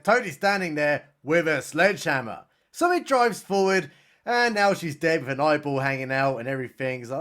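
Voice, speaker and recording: Brief: British male reviewer, high voice, snarky and theatrical, mocking a bad film. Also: fairly bright tone. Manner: sarcastic, mock-dramatic outbursts. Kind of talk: sarcastic comedic movie recap.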